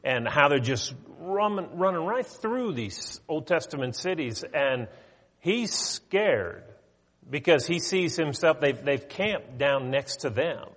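A man's voice: a little high, slow pace. Man preaching in an echoing hall. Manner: conversational, animated retelling. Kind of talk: storytelling sermon. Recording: long hall reverb.

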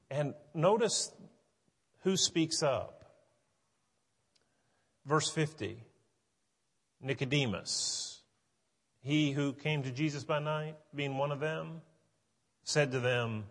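Brief: earnest male preacher, husky tone, long reverb from a big church hall. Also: on the high side, takes it slowly, pauses often, fairly bright tone. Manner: earnest, building to emphatic. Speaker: pastor. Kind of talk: sermon.

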